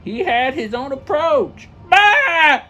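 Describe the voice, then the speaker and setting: A man narrates a classic story in a comedic read, taking it slowly. He trips over words and corrects himself, and faint music plays behind him. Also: high-pitched, animated, rough recording. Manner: slow, stumbling reading with self-corrections.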